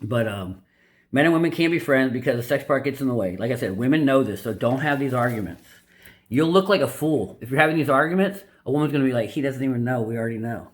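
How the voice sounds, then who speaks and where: Fast-talking and animated, a man with a mid-range voice hosts a video breaking down a dating-advice book. He speaks casually without a script, blunt and opinionated, rambling through fillers and restarted sentences.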